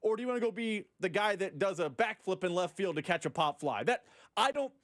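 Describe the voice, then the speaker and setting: A man's voice: high-pitched, lively intonation, a little fast, a bit bright, no echo, studio quality. A man co-hosting sports talk radio, explaining his opinions in a casual way.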